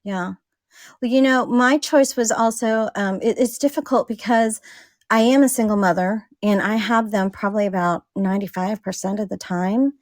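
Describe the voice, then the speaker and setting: Casting note: talkative mom, mid-pitched, dry close recording, laughs easily. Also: female voice, moderate pace, dry recording. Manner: chatty, laughs often, acts out quoted dialogue. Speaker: guest; single mother. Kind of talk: casual conversation.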